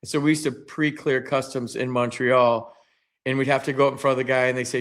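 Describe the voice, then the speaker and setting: Male co-host, mid pitch, animated storyteller in casual chat. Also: brisk. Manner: animated storyteller, acts out quotes. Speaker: former baseball player and co-host.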